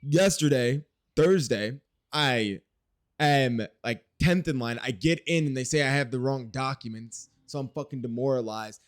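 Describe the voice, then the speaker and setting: A man's voice: medium pitch, a little slow, dry recording. Candid rambling man, dry close sound. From Wisconsin, US. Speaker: video diarist. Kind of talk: casual spoken diary.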